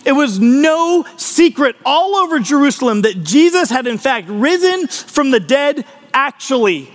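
A man with a very high voice preaches a conversational podcast sermon. He sounds earnest and personal and often restarts mid-sentence. A long reverb trails behind every phrase. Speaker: pastor.

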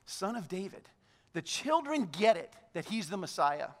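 A man preaching a sermon, animated, acting out the lines of the figures he talks about. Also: normal speed, long reverb tail. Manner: hushed, low voice in prayer. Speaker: pastor.

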